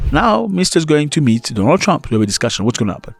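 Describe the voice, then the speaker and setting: A man giving casual opinion commentary to his viewers, animated and full of rhetorical questions and chuckling asides. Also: a little high, quick pace, gravelly, few pauses, dry recording, faint music behind.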